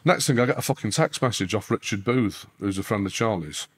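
A man, a podcast guest telling a story in a casual interview, cursing constantly and leaping up in pitch when worked up. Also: brisk, slight background noise. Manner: sweary, animated, pitch leaps up when worked up.

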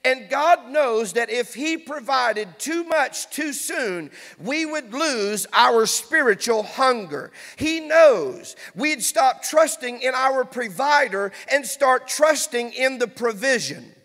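A man, a pastor preaching a fervent sermon that builds to shouting in a church sanctuary. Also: very high-pitched, lively intonation, takes it slowly, few pauses. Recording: long church hall reverb.

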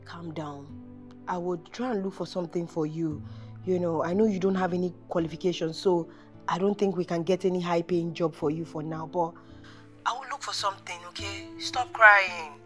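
An actress playing a firm but caring supervisor, speaking earnestly in a film drama. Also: female voice, lowish voice, normal speed, a bit bright, faint music behind, lightly acted.

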